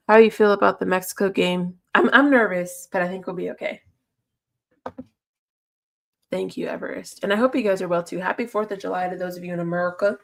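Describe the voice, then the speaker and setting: A woman's voice: lowish voice, vocal fry. Chatty woman streamer. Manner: chatty, laughs often, answers chat messages. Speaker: livestreamer. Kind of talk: casual livestream chat.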